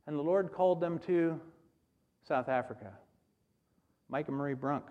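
A middle-aged man from the United States preaching a sermon as a missionary, acting out prayers and rising to loud exclaims. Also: fairly high pitch, moderate pace, phone-quality sound.

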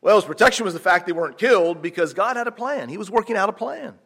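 A middle-aged American missionary preacher from Pennsylvania, his accent slightly touched by South African English, preaching in a conversational way that climbs into animated emphasis and questions to the congregation. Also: sits high, fast talker. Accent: American, slightly mixed with South African English. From Pennsylvania, USA. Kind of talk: sermon.

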